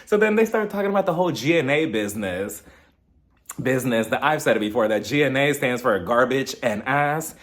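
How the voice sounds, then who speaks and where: A man giving a casual, mocking recap of a reality TV episode, slipping into quick impressions. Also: medium pitch, expressive. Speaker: TV recap reviewer.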